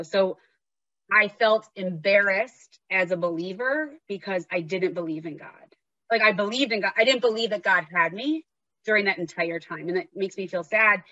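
A woman's voice: lowish voice, a bit bright, no room sound, dull audio. A woman host talking candidly and heartfelt, then reading aloud from her own memoir. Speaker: podcast host and memoir author.

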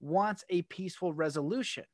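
A Canadian man talks in a loose, rambling way, animated and quick to laugh. His voice sits fairly high. The sound is dry and close, with no room echo. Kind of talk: casual podcast conversation.

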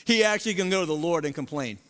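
A man preaching a sermon as lead pastor, swinging from loud emphasis to hushed near-whisper, with conversational asides to the congregation. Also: a little high, expressive, very fast. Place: large church sanctuary. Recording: long hall reverb in a large sanctuary.

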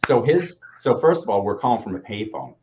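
Male co-host, low register, dull lo-fi sound, animated storyteller who swears. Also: brisk, background noise. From Boston area. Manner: animated, swearing, acts out quotes. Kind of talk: casual storytelling. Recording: dull lo-fi audio.

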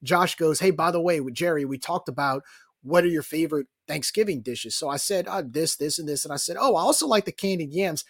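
A man from New Orleans, co-hosting a casual sports podcast and telling stories in an animated, joking way. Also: on the high side, a little fast, slightly rough, dry recording, clean studio sound. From New Orleans, Louisiana. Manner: animated, jokey storyteller. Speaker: podcast co-host.

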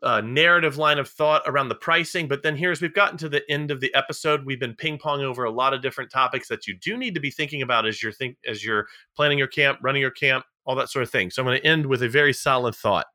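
Speaking quickly with few pauses, this co-host has a mid-range voice that sounds pushed and bright, recorded in studio quality without room sound. He chats casually on the podcast in an emphatic, motivational style, hammering his main points again and again, a bit sarcastically.

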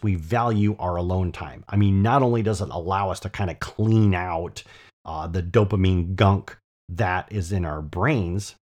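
A man's voice: sits low, darkish tone. A man hosting a podcast, telling a personal story in a chatty, enthusiastic way and often checking in with "right?". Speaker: podcast host. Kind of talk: casual storytelling monologue.

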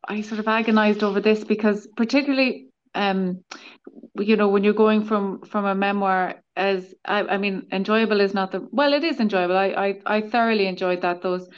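A woman's voice: medium pitch, a little fast, smooth, dull audio. A woman chatting in a book club, hesitant and full of restarts as she introduces her pick. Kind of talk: casual chat.

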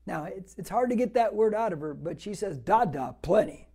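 A man's voice: sits high, lively intonation, a little fast, vocal fry, mellow, breathy edge. A man in his sixties preaching a verse-by-verse Bible teaching, talking conversationally and repeating words for emphasis as he builds to fervent exhortation. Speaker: pastor.

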